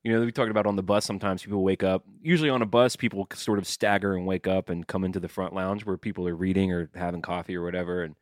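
A man's voice: low voice, steady tone, fast talker, hardly any pauses, dry recording, clean studio sound. A man hosting a podcast and chatting in a casual, easygoing, reflective way. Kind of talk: casual chat.

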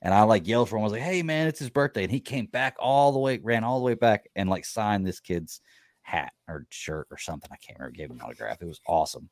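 A man with a notably low, deep voice hosts a laid-back podcast, cracking jokes and laughing often. His voice sounds close and dry, with almost no room around it. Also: fast talker, darkish tone, no echo. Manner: joking, laughs easily. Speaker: podcast host. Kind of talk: casual podcast chat.

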